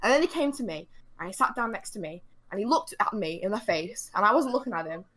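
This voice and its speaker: A young adult woman telling an animated, swear-heavy story in casual podcast chat, building to indignant outbursts. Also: medium pitch, fast talker.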